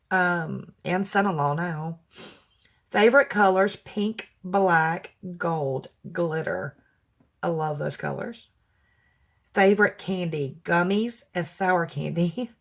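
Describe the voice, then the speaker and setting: A woman vlogger chatting warmly to her viewers as she opens handmade gifts, gushing and tender as she talks straight to them. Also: on the low side. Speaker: crafting vlogger opening fan mail. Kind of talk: casual chat to camera.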